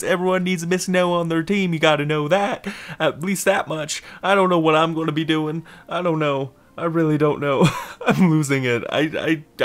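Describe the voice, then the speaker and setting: A man giving casual, rambling let's-play commentary over a game, giggling and repeating a silly catchphrase. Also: sits high. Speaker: gameplay commentator.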